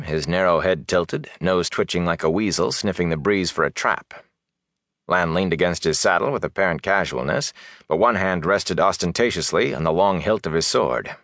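A man narrates a fantasy novel in a measured, steady manner. His voice sits very low. The recording is dry, with no room sound. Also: no room sound. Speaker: audiobook narrator.

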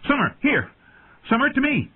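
Man playing a young noble boy, raised high voice, urgent shouting, husky, tinny phone-like sound. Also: expressive, fast talker. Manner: pleading, shouting commands. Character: crippled young noble boy, eager and scared.

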